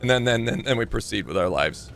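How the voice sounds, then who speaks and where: Guy streaming a game, chatty and rambling, mid-pitched voice, faint hiss behind. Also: animated, a little fast, a bit bright. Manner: chatty, rambling, reads notes aloud. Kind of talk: casual gameplay commentary.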